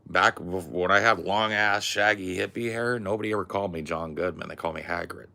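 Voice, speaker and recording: A man's voice: deep voice, brisk, vocal fry, bright, forceful tone. An American man chatting casually on a comedy podcast, riffing and swearing as he jokes around. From United States. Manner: riffing, profane, jokey. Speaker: podcast host.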